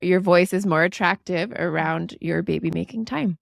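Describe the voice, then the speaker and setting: A woman co-hosting a podcast, telling a research story in an animated, casual way with a gravelly fry. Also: on the low side, moderate pace, dry recording, studio quality. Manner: animated storytelling, lively asides. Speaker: podcast co-host.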